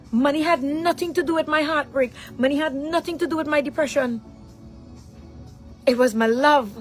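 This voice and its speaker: A woman's voice: high voice, low-quality recording. A middle-aged woman, speaking as a mother in an angry direct-to-camera rant. She is confrontational and keeps throwing rhetorical questions. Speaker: mother addressing her daughter.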